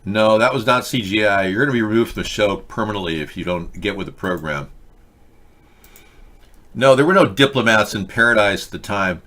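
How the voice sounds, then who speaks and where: Low-voiced guy running a live political chat show, punchy bright tone, gets worked up. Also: animated, a little fast. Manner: indignant, rambling, talks back to chat. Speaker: host. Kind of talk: live video-chat commentary.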